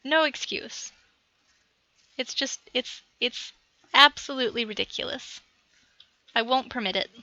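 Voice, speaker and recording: Slow-talking bright woman rambling through a game tutorial. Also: sits high, no room sound, dull audio. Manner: chatty, self-narrating, talks aside to her cat. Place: at home at a computer.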